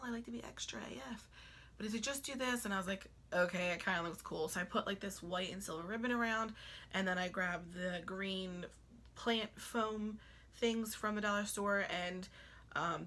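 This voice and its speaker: A young woman talks casually to her camera, rambling from one point to the next. Her voice is bright with a slightly husky, breathy edge, and she keeps slipping into whispered asides. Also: mid-range voice. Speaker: vlogger. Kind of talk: casual chat.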